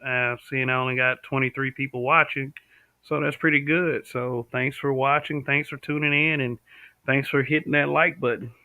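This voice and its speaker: A man's voice: medium pitch, fairly even intonation, moderate pace, pushed and bright, no echo. A man from the American South hosting a casual live stream, speaking bluntly and answering viewers' comments. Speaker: livestream host. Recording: tinny, dry home-stream audio.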